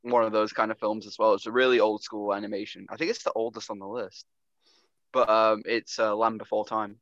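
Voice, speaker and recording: A man's voice: fairly low pitch, level tone, a little fast, a bit bright, no room sound. A man on a podcast panel, talking with casual enthusiasm and an easy swear now and then. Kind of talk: casual group chat. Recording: dry, dull lo-fi sound.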